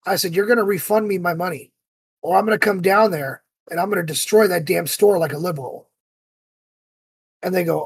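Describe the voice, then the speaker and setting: Husky guy on a podcast, dry sound, really gets into acting out his story. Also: high-pitched, a little fast, no echo. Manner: animated storyteller acting out heated quotes. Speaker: podcast co-host. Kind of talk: casual chat.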